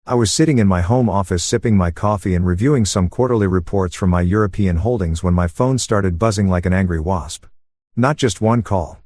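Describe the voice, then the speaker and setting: Casting: calm male narrator, low voice, dry close recording. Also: no echo. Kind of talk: story narration for sleep.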